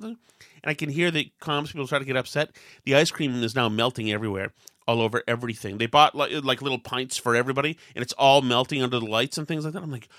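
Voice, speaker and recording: A man's voice: medium pitch, quick pace, sharp tone, no room sound, clean studio sound. A man hosting a podcast, telling a self-deprecating story in casual chat and acting out the quotes with lots of animation. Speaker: podcast host.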